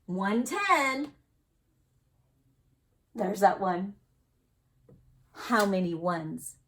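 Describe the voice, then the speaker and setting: A woman's voice: medium pitch, expressive, fairly bright tone, a little hiss or hum. A woman teacher giving an early-grade math lesson, counting aloud and asking the children encouraging questions. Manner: slow, encouraging, sing-song counting with questions to kids.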